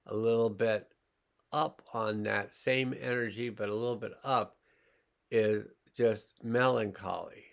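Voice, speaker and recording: A man teaching a healing class, slowly and calmly talking listeners through sensing their body and emotions. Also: fairly low pitch, creaky. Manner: slow, calm, pausing, guiding listeners' awareness. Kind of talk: slow guided healing demonstration.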